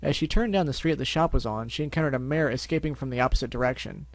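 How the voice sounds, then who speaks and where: A man's voice: medium pitch, fast, dry recording. A man reading fan fiction aloud as narrator, with wry asides and stumbling restarts. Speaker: story reader.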